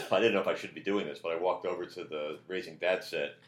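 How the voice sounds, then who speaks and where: A man, a comedian guest, telling stories in casual chat with a loud, projecting, animated delivery. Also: sits low, fast.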